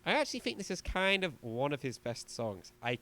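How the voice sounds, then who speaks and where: Bright and pushed, his medium-pitched voice moves with lively intonation at a normal speed. He's a man co-hosting a music podcast, casually riffing on an album and sarcastically mocking its lyrics in exaggerated voices.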